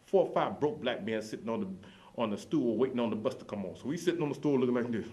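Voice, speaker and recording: A man's voice: mid-range voice, lively intonation, fast, a little mellow, lo-fi sound. A man telling a rambling comic story, piling up run-on tangents and repeated catchphrases. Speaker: comedian.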